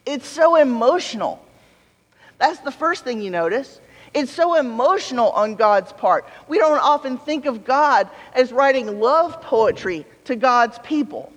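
A man's voice: very high voice, animated, unhurried, fairly bright tone. A man preaching a sermon in a conversational way, mixing playful asides with scripture read aloud. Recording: long reverb of a large hall.

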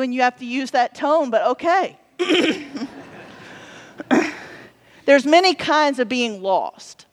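Woman preaching, high voice, wry humor, halting fillers, echoing church. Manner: humorous and self-deprecating, with frequent fillers. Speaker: pastor. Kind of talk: sermon. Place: church sanctuary. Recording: long church reverb.

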